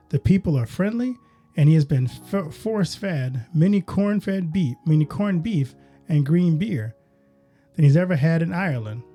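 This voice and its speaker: A podcast host introduces his guest and asks questions in an upbeat way during an interview. His voice sits high but has a dark tone.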